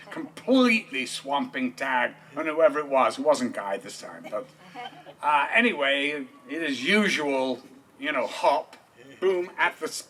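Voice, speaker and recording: A man with a sharp tone and a voice on the high side speaks at a memorial service in a park, telling funny stories and chuckling frequently during his eulogy. It was captured on a distant mic with clear background noise.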